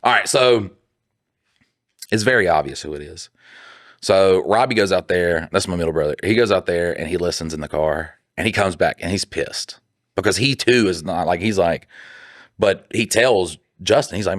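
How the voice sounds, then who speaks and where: A man co-hosting a podcast, telling a story in casual chat, animated and swearing freely, acting out what other people said. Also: low voice, moderate pace, no room sound, clean studio sound. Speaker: podcast co-host.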